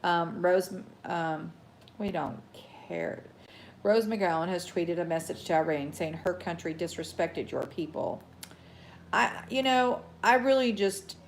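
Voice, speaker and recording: A woman hosting a casual live news show, reading headlines haltingly with many ums, chatting to viewers and getting heated about the news. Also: fairly low pitch. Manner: reads haltingly with many ums, greets chat viewers, gets heated and worked up. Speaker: host.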